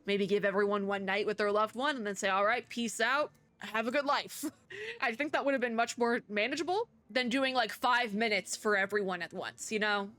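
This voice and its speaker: A woman's voice: medium pitch, brisk, fairly bright tone. Young woman gamer chatting thru a story scene at home, thoughtful, rambly, says like a lot. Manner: chatty and reflective, many "like" fillers. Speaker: game content creator. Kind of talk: casual playthrough commentary, reading story aloud. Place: at home, indoors.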